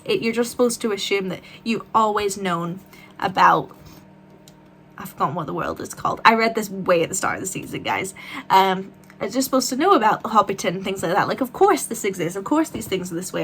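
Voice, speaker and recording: A young woman vlogging casual book reviews, chatty and animated, rambling with fillers and quick self-corrections. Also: mid-range voice.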